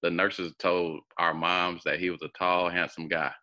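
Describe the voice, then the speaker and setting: Deep-voiced man telling a story. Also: moderate pace, muffled recording. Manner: animated, acts out quoted voices. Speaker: guest. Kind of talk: storytelling in an interview.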